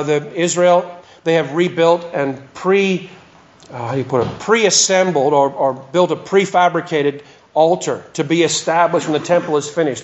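A man's voice: fairly high pitch, dull audio. A pastor preaching a sermon in a church hall, telling stories and then pressing his points with emphasis.

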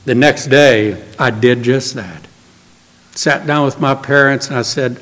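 A middle-aged male pastor preaching a sermon, telling stories earnestly and dropping to a soft, quiet voice for emphasis. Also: medium pitch, measured pace. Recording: long hall reverb.

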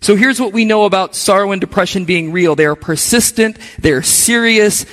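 A male pastor with a high voice delivers a sermon in a casual, conversational manner, turning to the congregation with asides. His voice rings out with a long reverb, as if in a large hall. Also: normal speed, a bit bright.

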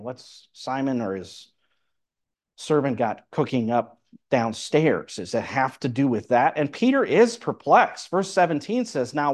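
A man preaching, explaining a Bible passage verse by verse and reading scripture aloud. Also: medium pitch. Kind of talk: Bible teaching sermon.

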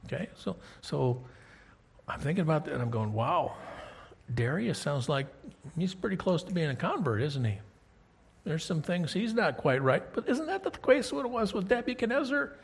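A male preacher with a husky, somewhat raised voice, walking his listeners through scripture. He reads a verse, then breaks off to chat and ask them questions. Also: on the high side, sing-song, normal speed. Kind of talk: conversational Bible teaching.

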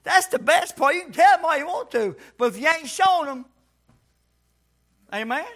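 A man preaching a sermon to a church congregation, folksy and calling for responses, sometimes shouting. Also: very high voice, expressive, moderate pace.

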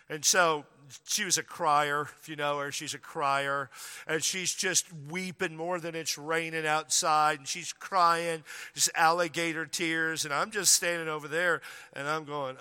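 A man's voice: a little high, moderate pace, pushed and bright, clear, resonant tone. A male pastor preaching a storytelling sermon, conversational and humorous, then rising to emphatic preaching. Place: church sanctuary. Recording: long reverb of a large hall.

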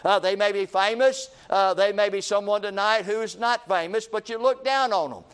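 A man's voice: sits high, moderate pace, a bit bright, smooth. A man preaching a sermon in a repetitive, rhythmic cadence, calling his listeners friend.

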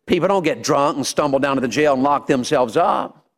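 A man's voice: medium pitch, fairly quick. A middle-aged man preaching a sermon in a church, folksy and humorous, often calling out to his listeners. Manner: folksy, humorous, calls out to the audience. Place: church sanctuary. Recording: long hall reverb.

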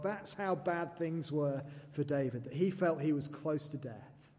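A slightly high, mellow-toned male preacher delivers an earnest sermon in a church hall. He questions his listeners directly and moves between hushed, dropped phrases and loud, emphatic ones. A long reverb trails each line. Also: moderate pace, hardly any pauses.

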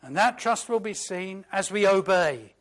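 A man preaching a sermon, slow and emphatic, moving from loud declarations to hushed, reflective asides. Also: high voice, expressive. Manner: quotes hymn lines in a reflective voice.

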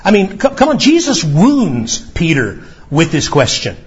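Man, pastor, sermon, earnest, fairly high voice, dull lo-fi sound. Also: wildly swooping pitch, measured pace, husky. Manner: earnest preaching, acts out quoted dialogue, stammers on restarts. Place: church sanctuary.

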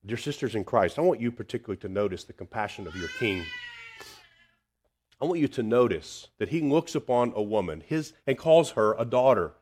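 A man preaching a sermon, swinging between loud emphasis and hushed tenderness. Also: mid-range voice, animated, brisk.

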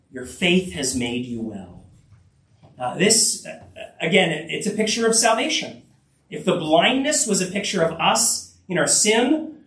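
A man's voice: high voice, a bit bright. A man preaching a sermon in a conversational way, often repeating words and acting out the lines he quotes. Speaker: pastor. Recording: echoey room, mic at a distance.

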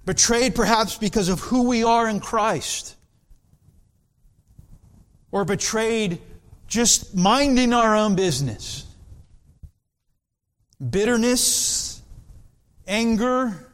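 Male preacher, sermon, high voice, slow and deliberate, earnest. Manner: earnest, deliberate, with dramatic pauses.

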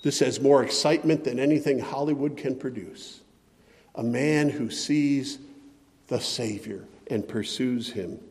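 A man preaching a sermon with impassioned, pleading delivery that swings between loud and soft. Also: medium pitch, measured pace, gravelly. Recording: long hall reverb.

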